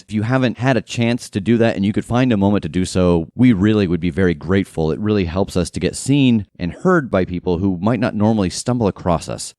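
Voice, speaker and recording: A man's voice: low voice, darkish tone, no room sound, studio quality. A man narrating as game master of a tabletop role-playing game, often laughing as he describes the action.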